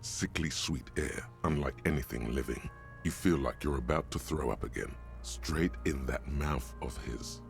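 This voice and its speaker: A man voicing a grim, darkly sardonic game narrator with a deep, gravelly voice and a slow, morbid delivery. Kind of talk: video game voice acting. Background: faint game music.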